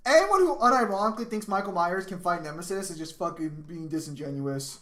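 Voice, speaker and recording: Profane, excitable male streamer. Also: high-pitched, normal speed, long pauses. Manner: profane, excitable, laughs often. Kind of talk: casual live-stream chat.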